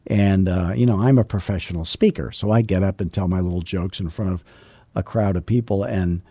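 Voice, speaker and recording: A man's voice: low voice, brisk, dark tone, breathy edge, no room sound. A middle-aged man hosting a podcast, coaching in a casual, joking, folksy way. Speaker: podcast host and real estate coach.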